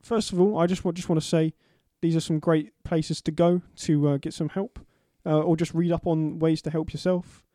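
A man's voice: on the high side, steady tone, normal speed, hardly any pauses, warm tone, no echo, clean studio sound. A young man co-hosting a casual podcast chat, agreeable and a little hesitant, with restarts. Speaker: podcast co-host.

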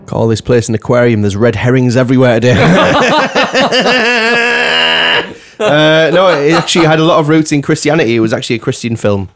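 A man's voice: mid-range voice, quick pace, hardly any pauses, faint music behind. A man hosting a casual podcast, jokingly running a film trivia quiz and laughing often. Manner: jokey, laughs often, quizzes the others. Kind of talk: casual chat.

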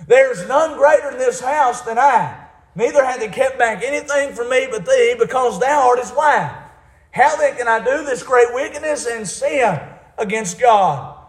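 A man preaching a sermon, fervent, rising to shouts and dropping to hushed asides. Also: very high-pitched, animated, a little slow, echoey room.

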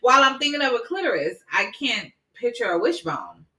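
A woman's voice: a little high, very animated, fairly quick, pushed and bright, distant mic. A woman guest on a casual talk show, chatting frankly and laughing easily. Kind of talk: casual chat. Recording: roomy echo, faint noise.

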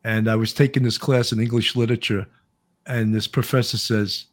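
A man's voice: medium pitch, a little fast, vocal fry. A chatty man with a New York accent hosts a casual livestream. He laughs easily and often restarts his sentences. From Long Island, New York. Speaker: host, former investigator.

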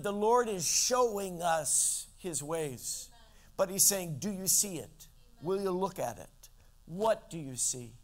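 High-voiced male pastor preaching with drama. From Central California. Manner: dramatic shifts in pitch and loudness, slows for emphasis; addresses listeners directly with questions. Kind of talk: sermon.

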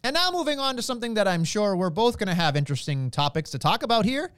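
A man's voice: sits high, big pitch swings, fast, fairly bright tone, smooth, dry recording. A man co-hosting a wrestling podcast, challenging his partner skeptically in a casual debate.

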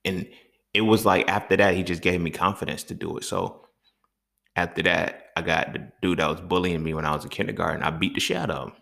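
A man hosting a podcast, telling stories in a casual monologue with profane, streetwise, animated talk. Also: low voice, brisk, vocal fry. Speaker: podcast host.

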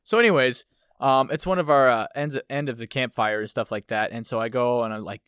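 A man's voice: mid-range voice, brisk, clear, resonant tone, no echo. A young man chatting casually with a podcast co-host and telling anecdotes with animation. He often slips into the voices of the people in his stories. The recording is dry and close, with no room sound. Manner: animated storytelling, acts out quoted voices. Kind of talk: casual chat.

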